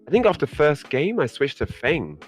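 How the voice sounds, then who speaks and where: A man guest on a podcast, telling a story in a casual, animated way and laughing often. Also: normal speed, soft background music. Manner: animated, laughing, rising pitch when excited.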